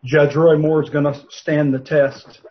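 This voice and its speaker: A man's voice: a little high, little pitch movement, takes it slowly, muffled recording. A man on a talk show speaking in an earnest, emphatic way and repeating key words.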